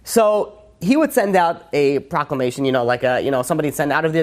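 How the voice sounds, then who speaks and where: A man's voice: fairly high pitch, expressive, fast. A man, a rabbi, teaching a religious class in an emphatic way with rhetorical questions and frequent restarts. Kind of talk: religious lecture.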